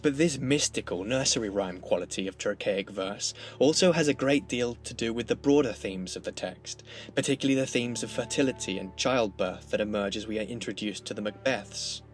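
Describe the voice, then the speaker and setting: A man narrating a scripted literature lesson in a measured, explanatory way. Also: fairly low pitch, soft background music. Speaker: literature lecturer.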